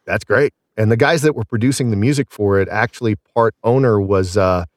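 A man's voice: fairly low pitch, a little fast, no room sound, studio quality. A man in his thirties or forties, a singer and voice actor, chatting casually and telling rambling, self-deprecating stories. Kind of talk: casual podcast chat.

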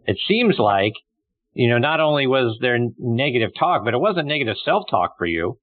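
A man's voice: medium pitch, sing-song, normal speed, dry recording. Guy hosting a golf podcast, winds through his questions, tinny dry audio. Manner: rambling, loose questions with fillers. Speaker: podcast host. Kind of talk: interview questions. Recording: dry tinny phone-like line.

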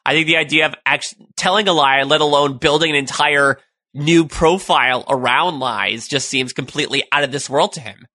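A man co-hosting a casual fan discussion podcast, chatty and quick with jokes. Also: on the high side, sharp tone. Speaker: podcast co-host.

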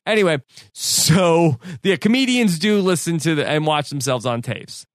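On a podcast, a male co-host casually recounts a story, full of fillers and restarts. His voice sits on the high side and sounds animated at a normal speed, recorded with studio quality and no echo.

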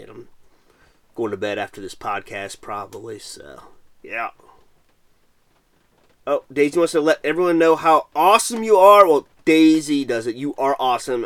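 A man's voice: medium pitch, no echo. A middle-aged man from Missouri, hosting a casual late-night livestream and chatting while reading viewer comments aloud. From Missouri, USA. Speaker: podcast host.

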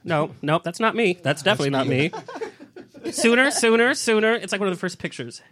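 A man hosting a casual talk show, chatty and animated, telling stories with laughter. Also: sits high, a little fast. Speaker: show host. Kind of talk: casual chat show banter.

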